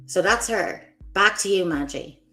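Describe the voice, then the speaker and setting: A woman's voice: mid-range voice, animated, a little slow, bright, forceful tone, soft background music. A woman hosting her own livestream, delivering an angry, profane, confrontational rant at other creators. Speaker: streamer host.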